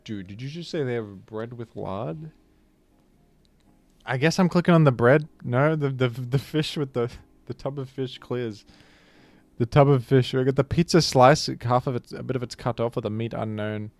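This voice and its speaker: A man's voice: mid-range voice, steady tone, normal speed, a little mellow, dry recording. A young adult man streaming a guessing game, chatting casually, laughing often and tossing in mock accents for jokes. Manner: playful, laughs often, mock British impressions. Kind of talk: casual live-stream commentary.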